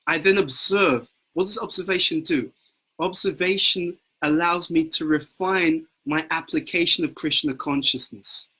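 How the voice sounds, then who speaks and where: A man's voice: a little high, bright, forceful tone, husky, rough recording. A man giving an earnest devotional talk as a spiritual teacher, often repeating words as he searches for phrasing. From United Kingdom.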